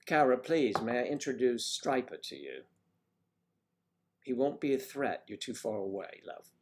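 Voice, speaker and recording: A man's voice: medium pitch, sing-song, a little slow, slight background noise. A man hosting a casual livestream, rambling and chatting with viewers by name as he reads the chat. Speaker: livestream host reading chat.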